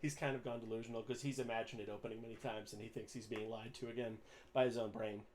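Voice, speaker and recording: A man narrating as game master in a tabletop game, relaxed and descriptive. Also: fairly low pitch, fast talker, slight background noise.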